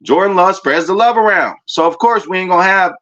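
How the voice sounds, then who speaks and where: A man rants loosely and profanely about his team, his voice bright and pushing forward. He rambles, restarts and swears as he gloats. The sound is a bit muffled and lo-fi. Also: sits high, fairly quick. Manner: animated, profane, rambling fan banter. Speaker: sports fan commentator. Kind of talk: casual fan rant.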